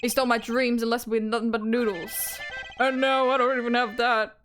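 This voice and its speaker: A woman voicing a grumpy old male noodle-stand chef in a video game, with a gruff, grumbling, folksy manner. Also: a little high, level tone, brisk, fairly bright tone, soft background music, natural voice. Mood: bitter.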